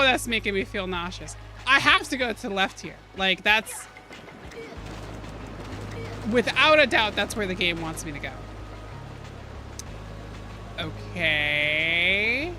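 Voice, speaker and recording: A woman streaming a video game, commenting out loud, joking and exclaiming as she plays. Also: mid-range voice, takes it slowly, long pauses, faint music behind. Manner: animated, exclaims and laughs often, jokes with chat. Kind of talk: live gaming commentary.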